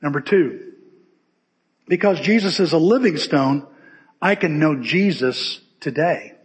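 A male pastor preaching a sermon, telling stories in a lively conversational way in a church. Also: a little high, a little slow. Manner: conversational, animated storytelling. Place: church sanctuary. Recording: echoey church hall with long reverb.

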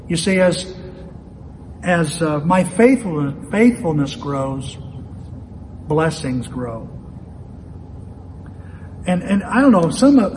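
A man's voice: on the high side, a little mellow. A male pastor preaching a sermon in a conversational way, telling stories and putting questions straight to his listeners. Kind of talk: sermon with storytelling. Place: church sanctuary. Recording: reverberant hall with faint noise.

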